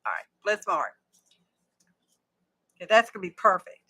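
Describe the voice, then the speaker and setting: A woman's voice: medium pitch, very animated, moderate pace, bright, forceful tone, slightly rough. A woman, chatting casually to viewers while she crafts on a live stream. She is self-deprecating and talks through each step as she works. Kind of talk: casual craft livestream chat.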